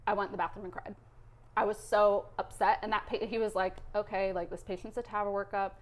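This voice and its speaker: A woman's voice: mid-range voice, quick pace. Candid woman retelling a cath lab story. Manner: emotional, candid, animated storytelling. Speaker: guest, cath lab nurse. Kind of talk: casual interview storytelling.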